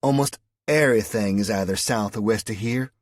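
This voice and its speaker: A man's voice: fairly low pitch, a little fast, no echo, pitched above the performer's own voice, close to an everyday voice. A man voicing a flirtatious, sarcastic woman from West Virginia with a Southern drawl, teasing and fond of pet names. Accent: American Southern.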